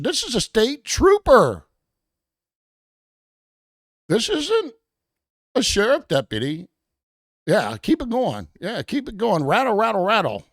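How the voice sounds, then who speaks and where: A show host narrating a game in a joking, mock-panicked way, swearing often, stammering and repeating itself, later sliding into a gruff, bossy police-officer act. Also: mid-range voice, wildly swooping pitch, takes it slowly, pauses often, no room sound, clean studio sound. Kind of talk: profane, joking gameplay commentary.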